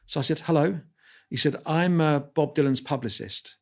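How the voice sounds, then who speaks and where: A man, telling lively anecdotes as an interview guest and restarting his sentences often. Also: a little high, fast talker. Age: 60s. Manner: animated anecdotes with quoted voices and restarts. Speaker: guest photographer. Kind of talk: storytelling interview.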